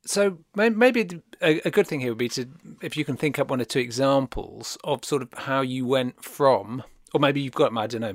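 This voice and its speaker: A man's voice: mid-range voice, dry recording, clean studio sound. Man asking long, searching questions. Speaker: interview host. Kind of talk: casual interview talk.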